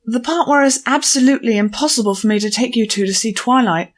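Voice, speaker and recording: A woman's voice: fairly high pitch, fast talker, voice pushed up, close to an everyday voice. A woman voicing a playful, cheeky young mare pony who teases her friend in an audiobook. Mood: teasing. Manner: breezy, teasing, feigned innocence. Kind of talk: audiobook character voice.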